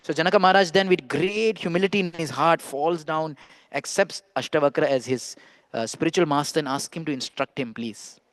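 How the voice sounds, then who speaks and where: A man giving a scripture class as a monk, telling a story in an animated way and slowing down for emphasis. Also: a little high, no room sound. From India. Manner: animated storyteller, acts out quoted dialogue, slows for emphasis. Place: temple hall.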